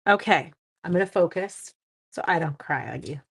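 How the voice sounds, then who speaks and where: A middle-aged woman, chatting on a live stream while crafting, warm-hearted and getting teary. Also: lowish voice, expressive, normal speed, creaky, slightly rough. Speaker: livestream crafting host.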